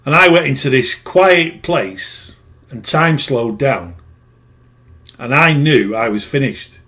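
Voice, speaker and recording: A man's voice: medium pitch, animated, takes it slowly, sharp tone. A middle-aged man who works as a spiritual healer, telling a personal story in a rambling, plain-spoken way that often corrects itself. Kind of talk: casual storytelling monologue.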